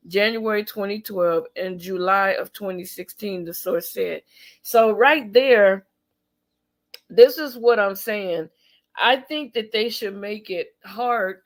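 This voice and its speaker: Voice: medium pitch, fairly bright tone. A tired, yawning vlogger gives pointed commentary on news stories. The speaker reads a passage aloud, then stops to react with strong opinions. The talk is emphatic and loose, full of fillers and restarts.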